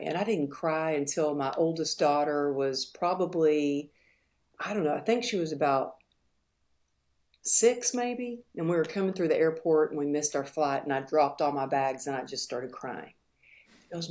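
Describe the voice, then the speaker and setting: Middle-aged woman guest, low register, earnest and reflective, halting now and then. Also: a little mellow. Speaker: podcast guest. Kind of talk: candid interview storytelling.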